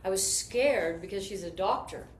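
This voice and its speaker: Woman, mid-pitch, upbeat rambling storyteller, recorded in an echoey room with faint hiss. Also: normal speed. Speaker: network marketing team leader. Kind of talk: casual motivational talk. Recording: roomy echo with faint noise.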